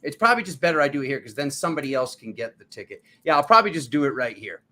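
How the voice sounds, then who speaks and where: A man hosting a live tarot reading, his voice bright and forceful. He preaches with fervent urgency and keeps addressing the viewers as his family. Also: mid-range voice, big pitch swings, rapid-fire. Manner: riled up, urgent. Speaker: tarot reader and channel host.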